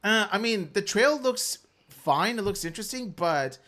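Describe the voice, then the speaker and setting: A man co-hosting a casual podcast, his voice sitting a little high. He talks in a measured, agreeable way. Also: expressive, bright, forceful tone. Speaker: podcast co-host. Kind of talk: casual chat.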